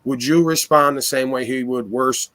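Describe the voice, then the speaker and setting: A man's voice: mid-range voice, fairly even intonation, normal speed, a bit bright. A man hosting a casual talk, speaking with confidence and authority and piling up rhetorical questions.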